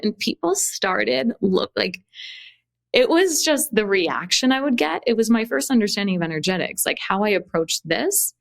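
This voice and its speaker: A young woman hosting a podcast, telling a personal story in a candid, animated way, acting out dialogue and swearing freely. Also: medium pitch, moderate pace, gravelly, no echo. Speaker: podcast host and coach.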